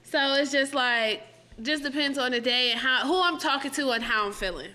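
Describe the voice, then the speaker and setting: A woman's voice: high-pitched, pushed and bright. A woman from New York co-hosting a podcast in easygoing, playful casual chat. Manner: playful, easygoing, quick to laugh. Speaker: podcast co-host.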